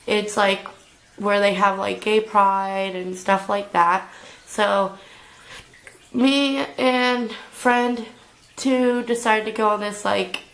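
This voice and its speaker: A young woman in a storytime vlog, drawling her way through a story at an unhurried pace. Her pitch sits in the middle of the range, and she rambles with plenty of filler "like"s. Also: fairly even intonation, a bit bright, rough recording. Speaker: vlogger.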